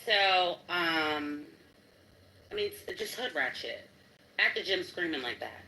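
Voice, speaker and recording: A woman's voice: on the low side, expressive, takes it slowly, bright, forceful tone, echoey room, a little hiss or hum, poor audio. A woman in an audio chat room argument, mocking and profane, talking over the others. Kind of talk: heated argument.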